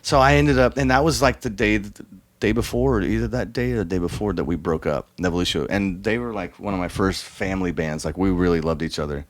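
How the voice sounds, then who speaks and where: A man's voice: low voice, fast, no room sound. A man, a drummer telling loose, profane, rambling stories in a casual interview and acting out other people's lines. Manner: loose, profane, rambling storyteller who acts out quoted voices.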